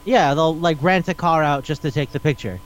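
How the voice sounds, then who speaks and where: A man's voice: on the high side, fairly quick. A man co-hosting a podcast in casual chat, rambling animatedly and swearing freely. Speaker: podcast co-host.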